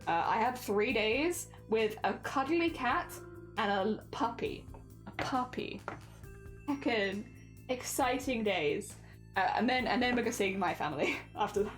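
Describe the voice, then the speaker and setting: A woman's voice: a little high, lively intonation, unhurried, soft background music. A woman livestreamer chatting casually with viewers while crafting, giggly and rambling, laughing often.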